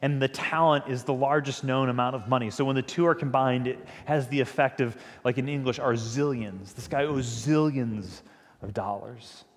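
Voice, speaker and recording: A man's voice: mid-range voice, normal speed. A male pastor giving a sermon in a conversational, emphatic storytelling manner. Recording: long reverb of a large hall.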